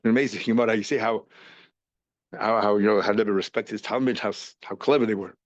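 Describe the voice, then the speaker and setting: A man teaching a Talmud lesson, reasoning aloud in a lively way and repeating terms as he works through the logic. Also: on the low side, a little fast, no echo, lo-fi sound.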